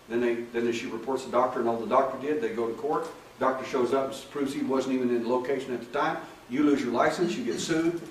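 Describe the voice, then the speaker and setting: Animated storytelling man in an echoey hall. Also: mid-range voice. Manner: animated storyteller acting out dialogue in raised voices. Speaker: hypnotherapist speaking to an audience. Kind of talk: talk with audience questions. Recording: echoey room, far from the mic, faint noise.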